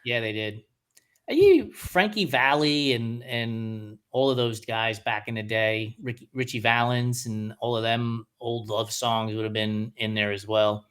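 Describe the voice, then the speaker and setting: A man's voice: medium pitch, sharp tone, smooth. A middle-aged man co-hosting a podcast, chatting casually, laughing often as he reads out listener song picks. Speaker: podcast co-host. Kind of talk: casual chat.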